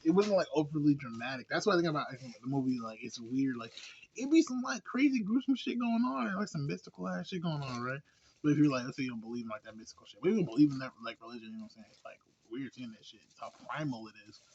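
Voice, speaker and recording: A man's voice: medium pitch, animated, fast, a crowd in the background. A man giving a casual movie review, laid-back and slangy, rambling with lots of fillers and laughs. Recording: dull lo-fi recording.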